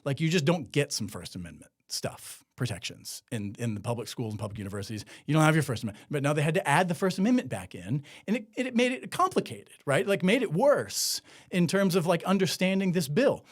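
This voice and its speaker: A man's voice: fairly high pitch, big pitch swings, fairly quick. A man hosting a solo commentary podcast, talking in a sarcastic, conversational way with many filler words. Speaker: podcast host.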